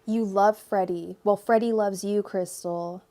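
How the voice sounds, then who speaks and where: A young woman from the United States reads tarot live for her viewers in a relaxed, chatty way. She laughs easily, talks straight to the people in her chat, and slips into a steady, repetitive chant when she calls on her spirit guides. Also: medium pitch, measured pace. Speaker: tarot reader. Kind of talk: live-stream tarot reading.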